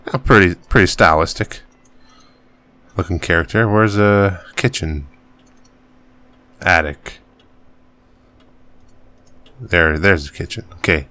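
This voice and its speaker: A man giving casual, relaxed commentary while playing a game. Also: low-pitched, slow, pauses often, dry recording. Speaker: gaming channel host.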